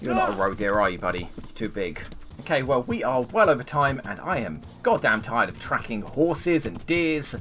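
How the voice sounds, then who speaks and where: Male streamer, let's-play commentary, wildly swinging pitch, bright edge, mutters at the game. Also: big pitch swings, normal speed. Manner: mutters asides and talks back to game characters. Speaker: gaming streamer.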